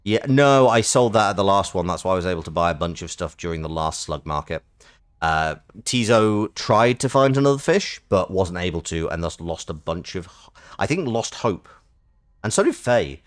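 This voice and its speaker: A man streaming a game, reading its text aloud and chatting in animated, quick asides. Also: sits low. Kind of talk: casual game playthrough with narration.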